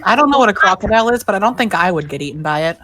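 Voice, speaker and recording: A woman's voice: mid-range voice, expressive, racing, a bit bright, dry recording. A woman playing in a tabletop game, talking in a matter-of-fact, wry way. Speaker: player.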